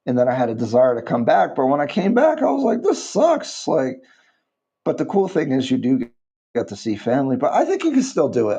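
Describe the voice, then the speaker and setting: A man in his thirties from the United States, chatting casually on a livestream and rambling with halting restarts. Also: mid-range voice, mellow, husky, lo-fi sound. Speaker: livestream vlogger.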